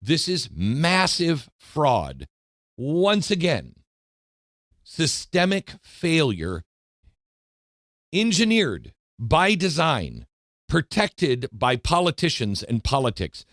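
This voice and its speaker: A male talk show host giving a political commentary monologue, emphatic and indignant, slowing down for dramatic stress. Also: fairly high pitch, huge pitch swings, fairly bright tone, no room sound, studio quality.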